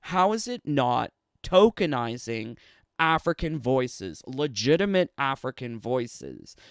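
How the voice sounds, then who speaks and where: In a dry, clean studio recording, a mid-range male voice with a Canadian accent rants casually on a livestream. The streamer and commentator is sarcastic, with frequent laughter between phrases.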